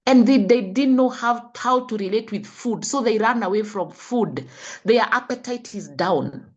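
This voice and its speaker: A woman's voice: on the high side, expressive, unhurried, lo-fi sound. A middle-aged woman with a Kenyan accent, a health coach who lectures parents with scolding rhetorical questions. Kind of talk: impassioned talk.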